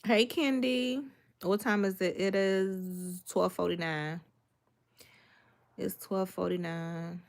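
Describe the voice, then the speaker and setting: A woman's voice: on the low side, fairly even intonation, slow pace, vocal fry. A young woman from Miami chatting casually on a livestream, reading comments and greeting viewers by name in a laid-back, sassy way. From Miami, Florida. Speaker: livestreaming cooking creator.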